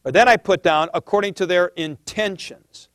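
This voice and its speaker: A man's voice: high voice, normal speed, no echo, clean studio sound. A middle-aged man teaching a theology class in a conversational lecture, thinking aloud and stressing key points.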